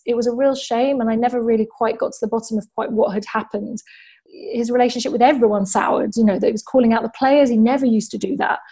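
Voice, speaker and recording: A woman's voice: on the high side, warm tone, husky. A woman, a football journalist, chatting and telling stories in an interview, with many casual fillers.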